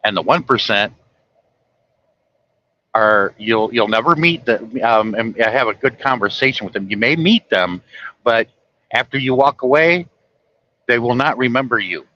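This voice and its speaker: A man's voice: medium pitch, lively intonation, unhurried, long pauses, pushed and bright, muffled recording. A man driving a truck, chatting casually and folksily with viewers from the road. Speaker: truck driver livestreaming. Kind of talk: casual rambling talk to viewers. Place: truck cab on the highway.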